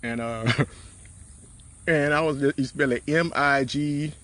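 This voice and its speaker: A man's voice: a little high, a little slow, fairly bright tone. A military veteran telling casual stories in slang, laughing often and acting out the lines of the people he quotes. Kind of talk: casual storytelling.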